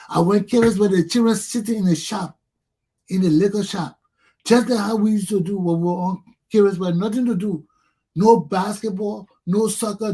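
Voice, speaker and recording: Older man ranting, husky high voice. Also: mellow. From Liberia. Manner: ranting, profane, repetitive. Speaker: talk show host. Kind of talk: angry monologue.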